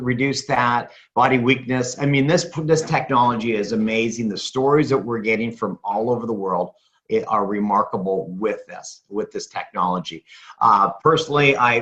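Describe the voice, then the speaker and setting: A man delivers an energetic sales pitch at a middling pitch, hammering home the same claims again and again. He poses questions and answers them himself. The recording sounds dull and lo-fi. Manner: emphatic, repeats claims, asks and answers rhetorical questions. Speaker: presenter at a sales meeting.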